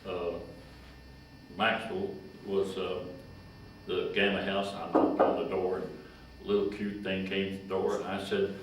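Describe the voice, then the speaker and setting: Deep-voiced and level in tone, a Kentucky man in his 90s who once worked as a county agent chuckles his way through slow, folksy, rambling stories of his life. The background is noisy, the room echoes, and the mic sits far away.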